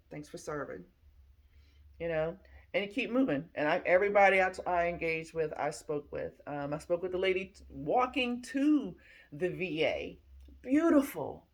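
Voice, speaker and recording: A woman in her fifties, a military retiree, telling personal stories in a casual vlog, with slang and acted-out bits of dialogue. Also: fairly low pitch. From Philadelphia, US. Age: 50s.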